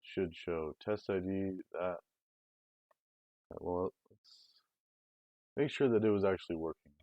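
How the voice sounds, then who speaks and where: A man's voice: deep voice, a little slow, no room sound. A man streaming a programming lesson, thinking aloud in a rambling, casual way with many fillers. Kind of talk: casual live-coding walkthrough. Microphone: desk mic, close. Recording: dull, dry close-mic sound.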